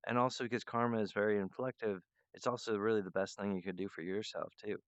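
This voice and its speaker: Smooth low man, rambling monologue. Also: fairly even intonation, quick pace, dry recording. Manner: meandering, loose and free-associating. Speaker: show host. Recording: dull lo-fi dry recording.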